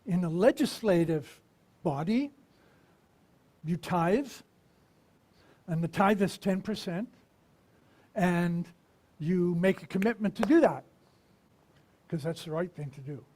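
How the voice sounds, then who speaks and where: A minister giving a conversational sermon, asking the congregation questions and pausing to reflect. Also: mid-range voice, animated, a little mellow. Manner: unhurried and reflective, with pauses.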